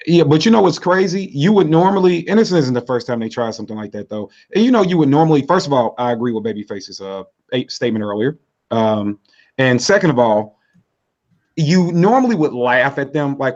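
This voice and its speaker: A man's voice: medium pitch, animated, fairly quick, a little mellow, dull audio. A man co-hosting a casual podcast chat, talking in a rambling way with restarts.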